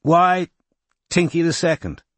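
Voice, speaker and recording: A man voicing a relaxed young man who asks easy, curious questions. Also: on the high side, slow pace, no echo, pitched above the performer's own voice. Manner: easygoing, questioning.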